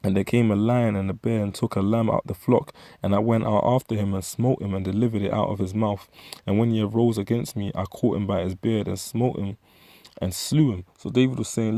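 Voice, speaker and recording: A man's voice: on the low side, fairly even intonation, a little fast, mellow, no room sound. Slangy London man teaching scripture. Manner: reads scripture then retells it in slang; frequent fillers and restarts. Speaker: street preacher. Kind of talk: informal Bible teaching.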